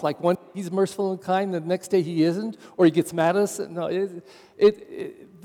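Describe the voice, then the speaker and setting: Male pastor, homily, mellow tone, reverberant church, easy conversational delivery. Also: high voice. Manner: conversational, wry asides. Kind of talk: sermon.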